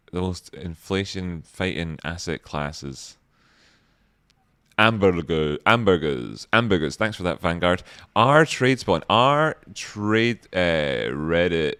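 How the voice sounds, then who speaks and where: A man's voice: low voice, a bit bright, smooth, no room sound, studio quality. A man hosting a live trading stream, riffing playfully with mock outrage and swearing as he reacts to chat and a video.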